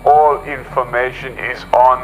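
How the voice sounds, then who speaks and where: Aussie guy doing an earnest weather presenter, slow and measured, traffic noise behind. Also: mid-range voice, flat delivery, lightly acted, poor audio. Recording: outdoor recording with traffic noise.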